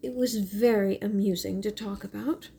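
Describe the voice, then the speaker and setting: A woman reading a storybook voices a cool, calculating woman who speaks crisply. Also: medium pitch, fairly even intonation, moderate pace, dark tone, a little hiss or hum, natural voice. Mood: dismissive. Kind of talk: audiobook reading.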